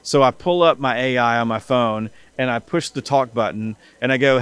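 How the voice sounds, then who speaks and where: Brief: middle-aged male guest, mid-range voice, chatty and animated, acts out quotes as he tells a story. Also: medium pitch, moderate pace, clean tone, no echo. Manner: animated storyteller who acts out dialogue, with many restarts. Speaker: guest, sales company CEO and author. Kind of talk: casual podcast interview.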